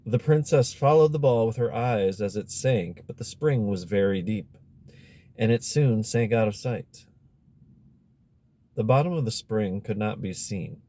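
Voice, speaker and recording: A man reading a novel aloud as an audiobook narrator, measured and expressive. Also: lowish voice. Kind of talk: scripted narration.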